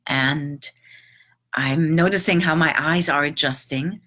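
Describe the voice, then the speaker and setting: A middle-aged woman telling a personal story in a reflective, halting, emotional way, with long pauses. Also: deep voice, fairly bright tone. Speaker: transformational teacher.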